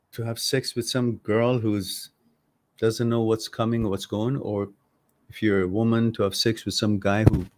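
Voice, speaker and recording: On a livestream advice talk show, a man reads viewer comments and speaks bluntly and passionately in a low, slightly mellow voice. He swears when riled and acts out both sides of conversations.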